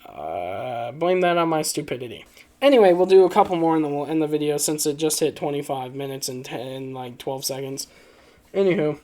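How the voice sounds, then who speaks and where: Brief: a man with a slightly high voice, loose joking commentary, full of fillers. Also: darkish tone. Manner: rambling, joking, lots of fillers and laughs. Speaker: video creator. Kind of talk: casual commentary reading online posts.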